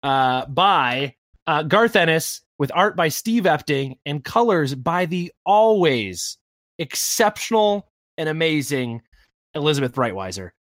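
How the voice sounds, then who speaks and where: Male podcast host: high, very lively, jokey, dry close mic. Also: no echo. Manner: animated, quick, jokey. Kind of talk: casual chat.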